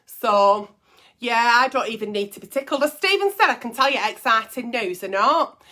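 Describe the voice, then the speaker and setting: A woman's voice: on the high side, expressive, normal speed, bright, forceful tone. A middle-aged woman hosting a casual advice stream, blunt and profane as she reads and answers letters. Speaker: advice show host.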